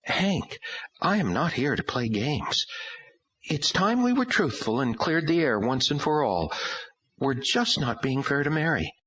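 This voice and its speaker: A man's voice: on the high side, big pitch swings, a little slow, a bit bright, husky, pitched above the performer's own voice, heavily acted. A man reading an audiobook, voicing a tearful woman who hesitantly confesses. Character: anxious grown woman confessing an affair. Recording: dull lo-fi audio.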